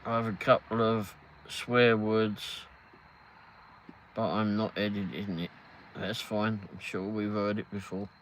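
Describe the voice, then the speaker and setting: A man's voice: lowish voice, level tone, measured pace, slight background noise, rough recording. A man in his fifties with an English accent, hosting a casual live stream, rambling and reading chat aloud. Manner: rambling, reads chat aloud, laughs often. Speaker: livestream host.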